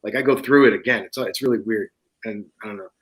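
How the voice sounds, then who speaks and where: A man's voice: fairly low pitch, quick pace, low-quality recording. Profane man telling a wild story. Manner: profane, laughing, acts out quoted voices. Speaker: guest author. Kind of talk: casual storytelling.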